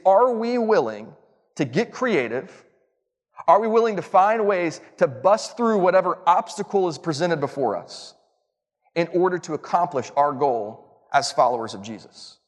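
A man giving a church lesson in a chatty, self-mocking storytelling style that builds to emphatic points. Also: sits high. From Southern United States. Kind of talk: storytelling sermon. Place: church auditorium. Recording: long reverb of a large hall.

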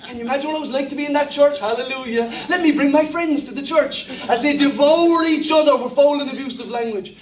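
A man's voice: extremely high pitch, fast talker, hardly any pauses. An Irish man from Cork preaching a sermon as pastor, humorous and self-deprecating, telling stories. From Ireland. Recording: echoey church hall from a distance.

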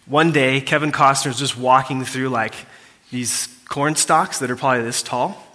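Speaking at a normal pace, this pastor has a medium-pitched, bright, forceful voice with fairly even intonation. He addresses his congregation in a reverberant church hall, telling a story conversationally with fillers and asides to those listening.

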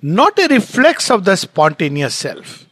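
High-voiced man teaching, dry sound. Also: unhurried, breathy edge, dry recording. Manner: reflective, explanatory, quotes others in lively bursts and chuckles often. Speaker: spiritual teacher. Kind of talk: spoken commentary on a poem.

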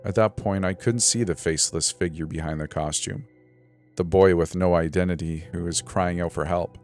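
Deep-voiced male horror story narrator. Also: steady tone, moderate pace, darkish tone. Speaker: narrator of scary stories. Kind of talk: scripted narration. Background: faint background music.

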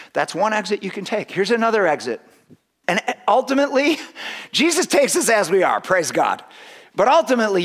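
A male pastor preaching with a high, lively voice that swoops up and down. He acts out little voices and laughs often. His sentences stop and restart as he works up to a point. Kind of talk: sermon.

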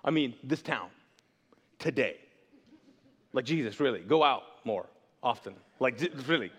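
A male pastor preaching a sermon, animated and jokey, slipping into quick voices to tell the story. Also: mid-range voice, slightly rough, in a large hall.

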